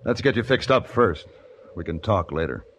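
An actor playing a calm, tough Western manhunter who also narrates, speaking dry, terse and steady in 1950s radio drama style. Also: male voice, on the low side, normal speed. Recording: dull old radio recording with music.

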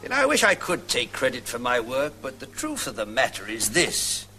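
An actor playing a genial, theatrical Victorian novelist in a scripted comedy sketch. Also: male voice, medium pitch, huge pitch swings, moderate pace, music in the background. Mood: jovial. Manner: grand, theatrical delivery with lilting rises. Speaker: sketch character.

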